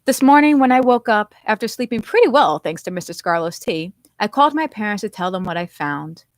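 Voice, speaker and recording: A woman's voice: medium pitch, expressive, fairly quick, no room sound. A woman author reading her own novel aloud in first person, narrating expressively.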